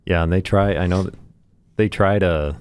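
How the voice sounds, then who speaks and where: Male host, very low voice, casual interview, short agreeing replies, faint background noise. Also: normal speed, darkish tone.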